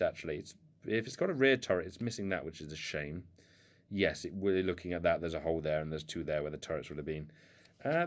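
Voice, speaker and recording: A man casually rambling through an unboxing of old toy cars at home, self-mocking and playful. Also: fairly low pitch. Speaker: toy car collector unboxing. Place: indoors at home.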